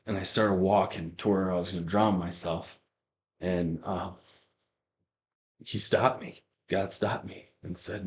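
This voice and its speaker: A man's voice: sits low, fairly even intonation, moderate pace. A young man telling a personal faith testimony on a podcast, rambling, with many restarts and fillers. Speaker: guest giving a testimony.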